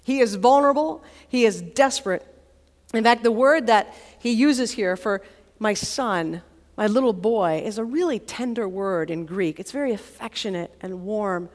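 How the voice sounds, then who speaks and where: Woman chaplain, lively storytelling sermon, fairly high voice, long hall reverb. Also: normal speed. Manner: conversational, vivid storytelling. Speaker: college chaplain.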